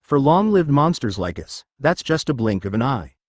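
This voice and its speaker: A man's voice: mid-range voice, big pitch swings, moderate pace, no echo. Naive baby slime girl, cheerful, matter-of-fact, man reading her, dry close sound. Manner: matter-of-fact, innocently blunt. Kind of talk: fan fiction reading.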